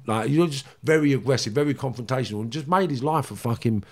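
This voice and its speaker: A middle-aged man, telling stories bluntly in casual chat, full of swearing and halting restarts. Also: mid-range voice. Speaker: podcast guest.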